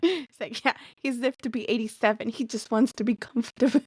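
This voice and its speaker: A woman's voice: fairly high pitch, brisk, slightly rough, no echo, studio quality. A woman hosting a casual book discussion, laughing often as she talks. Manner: giggly, laughs often while talking. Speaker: book club host.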